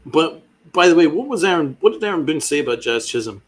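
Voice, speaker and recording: A man hosting a sports podcast unloads a fiery, sarcastic rant that is full of swearing. His voice sits a little high and slightly husky, and it jumps up and down in pitch as he vents. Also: very animated, fast. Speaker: podcast host. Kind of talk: ranting sports podcast commentary.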